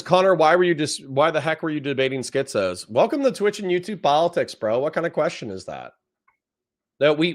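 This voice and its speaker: A young man streaming, reading out chat and reacting with blunt, profane commentary that repeats phrases for effect. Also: fairly high pitch. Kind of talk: casual livestream commentary.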